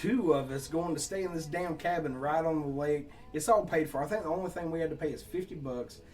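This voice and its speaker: A songwriter from Southeast Georgia with a Southern accent, telling rambling, laughing, profane stories in a casual chat. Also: male voice, fairly high pitch, fast, darkish tone. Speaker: songwriter guest.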